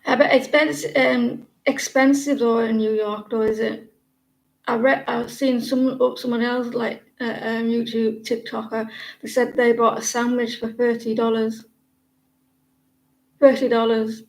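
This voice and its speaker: British woman livestream host, slightly high, gravelly voice, rambling and casual. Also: level tone, unhurried, rough recording. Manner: chatty, rambling, many fillers and restarts. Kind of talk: casual livestream chat with viewers.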